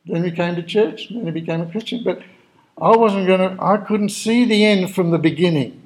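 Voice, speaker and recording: Male preacher, slightly high voice, tells stories from the pulpit and voices the people in them. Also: darkish tone, low-quality recording. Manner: conversational storytelling, acting out dialogue. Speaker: pastor. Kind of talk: sermon.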